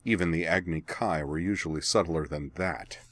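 A man giving steady, measured scripted narration of a story. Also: extremely low pitch, dry recording.

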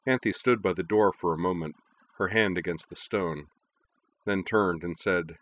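Male storyteller, lowish pitch, expressive, storybook narration. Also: a little slow, dry recording. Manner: lively, expressive reading.

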